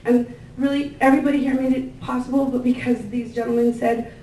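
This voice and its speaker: A woman giving a thank-you speech at a gathering, introducing guests with warm, gushing words and many fillers. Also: fairly high pitch, level tone, a little fast. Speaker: event organizer introducing staff and guests. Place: large indoor room with tables. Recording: echoey room, picked up from a distance, faint ambient noise.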